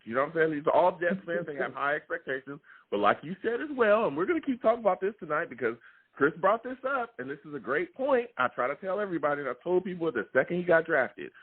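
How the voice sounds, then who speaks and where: A man hosting a live sports call-in show, animated and laughing often. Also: on the high side, fast talker, husky. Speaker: podcast host taking callers. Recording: tinny phone-line sound.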